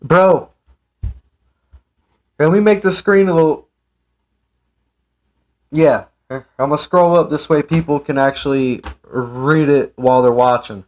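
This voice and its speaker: A man's voice: a little high, measured pace, long pauses. A man giving casual, sarcastic ranting commentary as an online commentator. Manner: sarcastic, mocking.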